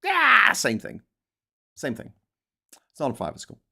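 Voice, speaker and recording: A man's voice: on the high side, wildly swooping pitch, unhurried, creaky, pushed and bright, slightly rough. A middle-aged British man hosting a casual live stream, rambling, swearing often and mocking himself as he reads comments and papers. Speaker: host.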